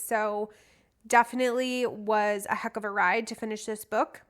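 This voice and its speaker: A woman's voice: mid-range voice, fairly even intonation, normal speed. A young adult woman hosting a book podcast, talking casually and candidly, a little rambling. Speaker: podcast host. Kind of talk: casual solo podcast chat.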